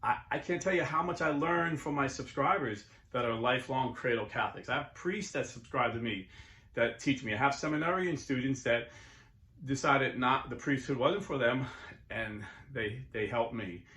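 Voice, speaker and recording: A man's voice: medium pitch, normal speed, pushed and bright. A middle-aged man hosting his channel, talking casually and earnestly, sometimes rising into preachy bursts. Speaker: YouTube host and Catholic convert. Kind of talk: casual monologue. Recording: echoey room.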